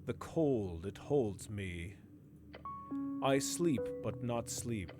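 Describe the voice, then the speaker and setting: A man voicing a huge, solemn old snail lord trapped in ice, speaking slowly and mournfully. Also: on the low side, lively intonation, over music, voice pushed down. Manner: slow, drawn-out, mournful.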